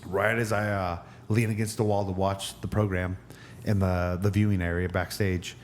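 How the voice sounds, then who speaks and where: A man's voice: deep voice, level tone, normal speed, slight background noise. A man who is a guest on a podcast, telling a story with lots of energy and acting out the other people's lines in a raised voice. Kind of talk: animated storytelling.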